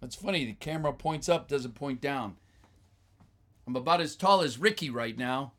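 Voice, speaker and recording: A man hosting a casual live stream, chatting with viewers, thanking them and answering their messages with plenty of fillers and sudden excited outbursts. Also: medium pitch, moderate pace. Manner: chatty and grateful, with frequent fillers and bursts of excited exclamations.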